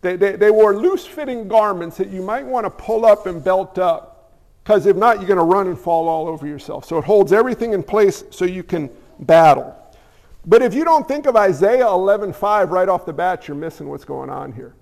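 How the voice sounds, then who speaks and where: A man with a high voice preaches in a relaxed, conversational way, slipping in jokey asides and acting out little exchanges. His words ring out with the long echo of a church hall. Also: moderate pace, gravelly. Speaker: pastor. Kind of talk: casual sermon.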